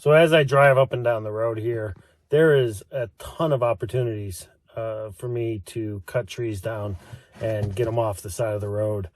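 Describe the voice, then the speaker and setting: A man's voice: on the low side, steady tone, normal speed, slight background noise. A middle-aged man, out of breath, chatting casually and rambling with self-deprecating asides while working outdoors on a snowy road. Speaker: homesteader vlogger.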